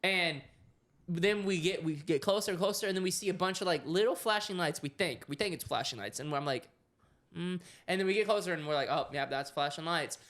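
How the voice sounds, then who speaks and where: A young man casually telling a story as a podcast co-host, animated and often laughing. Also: on the high side, a little fast.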